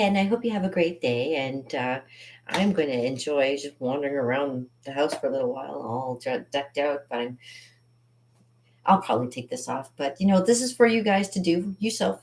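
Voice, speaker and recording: A woman's voice: deep voice, steady tone, normal speed, darkish tone, a little hiss or hum. A woman vlogging casually while doing her makeup, rambling and laughing often in a playful way. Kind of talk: casual makeup vlog chat.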